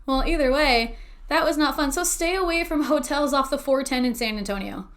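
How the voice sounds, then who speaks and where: A woman co-hosting a podcast in casual chat, excitable, swearing freely and laughing often. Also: sits high, brisk. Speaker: podcast co-host.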